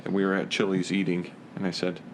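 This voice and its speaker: A man in a casual movie chat, eager, retelling scenes in quick bursts. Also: sits low, completely flat delivery, a little hiss or hum.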